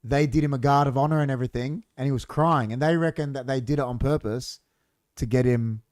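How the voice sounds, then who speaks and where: A man's voice: medium pitch, brisk, darkish tone, no echo, clean studio sound. A young man co-hosting a podcast in casual chat, bantering and swearing freely. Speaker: podcast co-host. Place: small studio.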